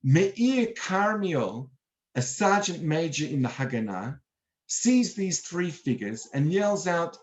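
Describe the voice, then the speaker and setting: A man guiding an online history lecture, telling events as a lively story and acting out the quotes. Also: fairly high pitch, slow pace. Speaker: tour guide and lecturer. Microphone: online video talk.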